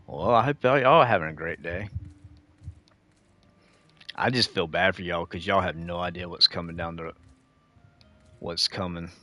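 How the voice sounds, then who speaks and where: A man's voice: low voice, normal speed, pauses often, sharp tone. A middle-aged man ranting casually to his viewers while gaming, preachy and lecturing, calling them dude and y'all. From United States. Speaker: gaming streamer.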